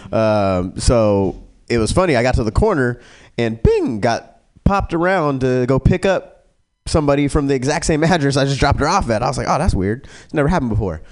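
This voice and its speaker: Rambling, lively comic man telling stories. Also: medium pitch, brisk. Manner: crude, rambling, lots of ums and mimicked voices. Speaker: comedian podcast guest. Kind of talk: casual storytelling.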